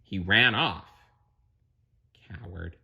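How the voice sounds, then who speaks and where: A man's voice: sits low, drawn-out words, gravelly, sharp tone, husky. A man reading a storybook aloud, dropping in chatty asides to the listener. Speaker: narrator.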